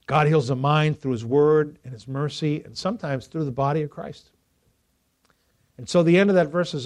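A male pastor preaching a sermon to a congregation, lively and joking with them, rising to loud emphasis. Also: a little high, moderate pace. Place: church before a congregation.

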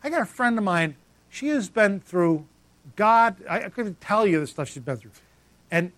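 A man's voice: high-pitched, a bit bright, dry recording. A man preaching a sermon as pastor, emphatic and repetitive, calling out congregants by name.

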